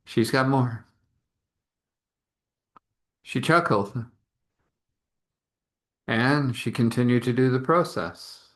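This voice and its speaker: A man's voice: medium pitch, takes it slowly, pauses often. A man narrating an improvised story in a casual, rambling way, full of chatty asides.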